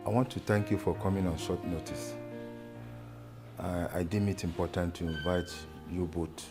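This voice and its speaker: An actor playing a formal, solemn man of authority who speaks in measured words. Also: sits low, steady tone. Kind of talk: film drama acting. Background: film score music.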